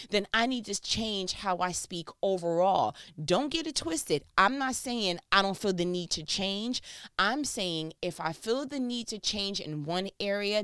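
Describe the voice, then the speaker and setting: Animated woman, dry sound. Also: smooth, no echo. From New York. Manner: animated, swings between high mock voices and low confiding asides. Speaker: speaker on faith and church life. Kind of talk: casual monologue.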